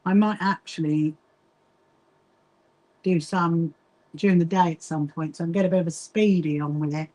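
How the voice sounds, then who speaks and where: A woman's voice: on the low side, steady tone, moderate pace, mellow, low-quality recording. A middle-aged woman chats casually to viewers while she sews, reading out their comments and laughing often. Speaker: livestream host. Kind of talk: casual chat while sewing.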